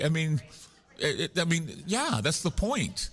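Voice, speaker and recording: A man's voice: fairly high pitch, big pitch swings, normal speed, fairly bright tone. A man guesting at a paranormal conference, telling long rambling stories with jokes at his own expense. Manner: rambling, joking, self-deprecating storyteller. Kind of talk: casual chat. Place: live at a conference.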